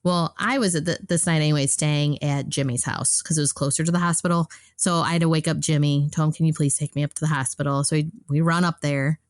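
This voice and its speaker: A woman with a notably low voice recounts a personal story in a loose, conversational way, stopping and restarting her sentences and filling gaps with ums and you-knows. The sound is close and dry, with no room echo. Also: steady tone, fast talker, hardly any pauses. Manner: rambling, retells dialogue, many fillers and restarts. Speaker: podcast guest.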